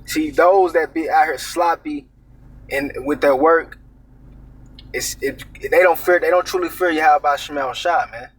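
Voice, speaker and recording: A man preaching in an unhurried, casual way, reading verses and then explaining them. His voice is a bit husky and sits fairly high for a man. He sounds set back from the microphone. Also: far from the mic. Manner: reads verses aloud then comments, adds "man" and "all right?". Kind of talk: informal scripture teaching.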